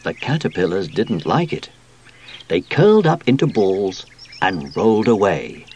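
A man reading a children's storybook aloud, with a slow, expressive delivery. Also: deep voice, a little hiss or hum. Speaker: audiobook narrator.

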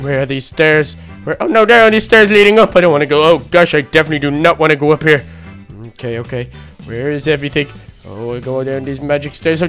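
High bright excitable man. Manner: excitable, fretful, constant exclamations. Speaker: game roleplay youtuber. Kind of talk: minecraft roleplay narration.

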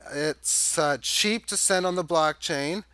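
Guy rambling through crypto charts, kinda high voice, dry close sound. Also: slow, bright, forceful tone, smooth, no room sound. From Canada. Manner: rambling, thinks aloud with fillers and restarts. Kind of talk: casual chart walkthrough commentary.

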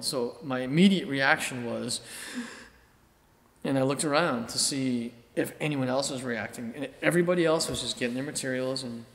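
A middle-aged man from Boston recalls his past in a relaxed, storytelling way, full of "you know" and acted-out inner thoughts. His mid-pitched voice rings through a large, roomy space with a long reverb tail. Faint ambient noise sits under it. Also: brisk. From Boston, Massachusetts, USA. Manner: animated anecdotes with acted-out inner thoughts, many fillers. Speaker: artist being interviewed. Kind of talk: casual storytelling interview.

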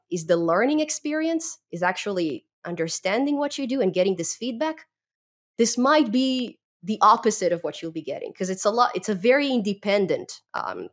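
A young adult woman with a non-native English accent, chatting as a podcast guest, lively and laughing often between fillers. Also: mid-range voice. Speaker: podcast guest, Python educator. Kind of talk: casual interview chat.

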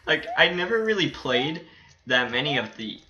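A man's voice: a little high, big pitch swings, moderate pace, lo-fi sound. A man giving casual commentary while playing a game, rambling with many fillers and giggling and squealing with delight. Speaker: gaming channel host.

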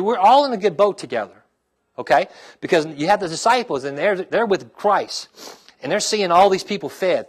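In a high voice, a middle-aged male pastor gives a sermon and checks on the congregation with "okay?" and "amen?" His delivery turns soft and heartfelt whenever he speaks of the trials he has faced.

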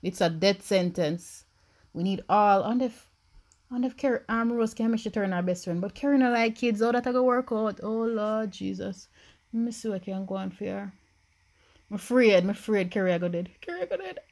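A young woman with a Jamaican accent giving excitable, anxious commentary as she plays a life-sim game. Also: mid-range voice, normal speed. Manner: animated, swings from anxious murmurs to shrieks. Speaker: gaming YouTuber.

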